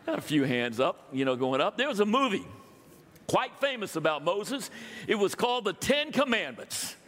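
A man's voice: high voice, very animated, moderate pace, a bit bright. An older man, a pastor, preaching a sermon in a conversational way and asking his congregation questions. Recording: long reverb of a hall.

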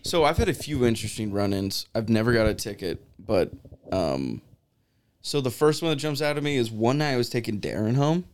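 A young man tells a story in an easy, conversational way. His pitch sits in the middle range, and he slips into quick impressions of the people he quotes. It is relaxed podcast chat. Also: slight background noise. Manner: animated storyteller acting out quoted voices.

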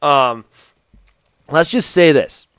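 A man co-hosting a casual podcast chat, laughing often and trailing off quietly. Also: a little high, slow, clean tone, no echo. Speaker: podcast co-host.

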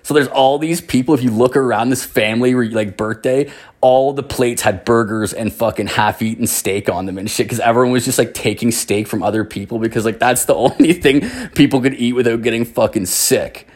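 A man's voice: medium pitch, brisk. Young guy with a mid-range voice, telling a long rambling story, swears a lot and leans on fillers. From Canada. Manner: rambling, profane, heavy on filler words. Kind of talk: casual storytelling.

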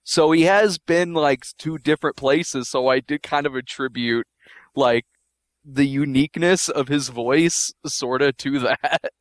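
A man's voice: a little high, measured pace, no room sound. A man co-hosting a podcast, chatting casually about movies, laughing often and hedging with many likes. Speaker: podcast co-host.

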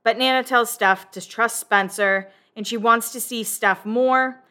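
A woman hosting a casual recap chat, talking freely with plenty of swearing and quick laughs. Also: on the high side, steady tone, pushed and bright. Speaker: podcast host recapping a reality show.

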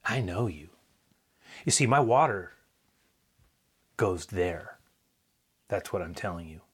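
A calm, knowing Jesus speaks low and quiet, drawing out words with tenderness, as a man preaching puts him on. The voice is deep and hushed, slipping into near-whispers in a sermon retelling. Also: slightly rough, exaggerated voice. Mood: tender. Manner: soft, hushed, slow and tender.

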